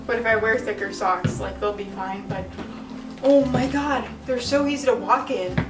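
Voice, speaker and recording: A young woman vlogging casually in her bedroom, gushing and excitable as she unboxes and tries on shoes. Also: fairly high pitch, moderate pace, over music, rough recording.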